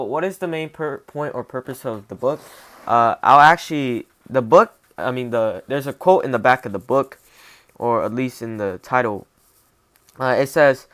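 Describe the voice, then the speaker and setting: A young man talks through a philosophy book review in an unscripted, casual way. He thinks aloud, restarts sentences and keeps checking in with a quick "right?". His voice sits at a middle pitch for a man. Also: a bit bright, clear, resonant tone.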